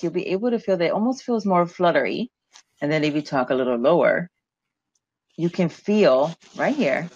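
A woman teaching a business webinar as a guest strategist, lively, laughing often and repeating words as she talks over a video call. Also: lowish voice, dry recording, highs cut off.

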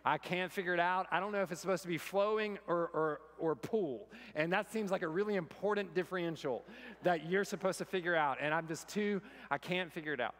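Speaking fairly quickly in a high, fairly bright voice, a pastor from the United States preaches in a large church sanctuary. He tells funny stories from his own life alongside scripture, with plenty of self-deprecating humor.

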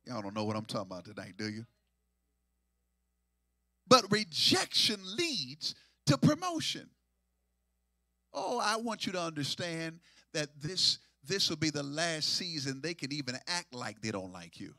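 Bright high-pitched preaching man, dry. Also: very animated, unhurried, pauses often, no echo. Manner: call-and-response preaching, swinging from hushed to near-sung shouts. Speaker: pastor. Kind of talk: sermon.

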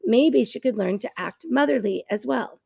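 A woman teacher reading a novel aloud to her class in clear storytelling narration. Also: fairly high pitch, expressive, normal speed, darkish tone, no room sound.

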